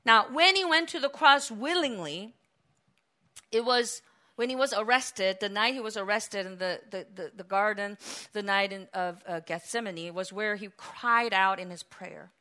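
A woman preaching a sermon, telling a story with acted cries and shifts between loud calls and hushed passages. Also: medium pitch, measured pace.

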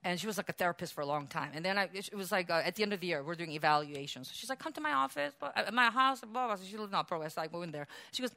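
A woman pastor preaching a sermon in a church, animated, acting out quotes and laughing often. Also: mid-range voice, fast talker.

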